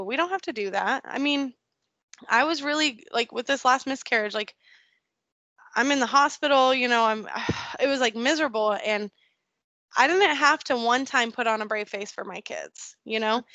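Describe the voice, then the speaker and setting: A woman's voice: high-pitched, normal speed, pushed and bright, dry recording. A woman speaking as a podcast guest in a candid personal conversation, earnest and openly emotional.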